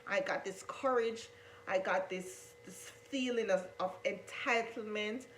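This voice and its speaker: A woman's voice: mid-range voice, unhurried, a bit bright, a little hiss or hum, low-quality recording. A woman telling her coming-out story to viewers, earnest and repetitive, often calling them guys. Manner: earnest, repeats herself, addresses viewers as guys. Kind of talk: emotional storytelling to camera.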